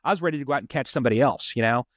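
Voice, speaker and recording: A man's voice: medium pitch, rapid-fire, no room sound, clean studio sound. A man, a police officer, telling a story in a long earnest run, repeating words as he goes. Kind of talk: conversational storytelling.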